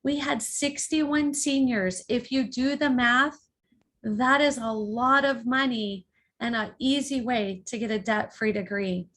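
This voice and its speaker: A woman hosts a webinar over a video call, speaking in a fairly high voice. She delivers scripted instructions slowly and emphatically, one point at a time. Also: a bit bright. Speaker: webinar host and college consultant.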